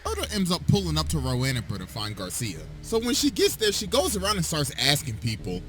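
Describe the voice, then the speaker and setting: A man's voice: fairly high pitch, a little fast, few pauses. A young man hosting a comedic anime recap, slangy and dramatic in his telling. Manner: animated, slangy, dramatic storytelling. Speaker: host. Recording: music bed under voice.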